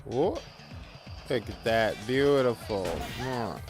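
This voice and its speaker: A VTuber streamer riffs through a gameplay session in an easy, drawn-out delivery. The talk swings into theatrical mock pleading and playful moaning for laughs. Faint background music sits under the voice. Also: mid-range voice. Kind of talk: casual gameplay commentary.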